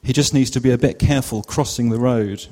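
A man's voice: mid-range voice, fairly quick, dark tone. A man preaching a sermon, telling a story in a conversational way with self-deprecating asides. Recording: long hall reverb.

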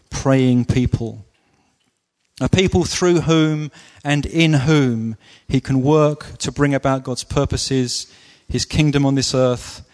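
A man preaching a sermon with slow, deliberate, emphatic phrasing. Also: medium pitch. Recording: long reverb of a large hall.

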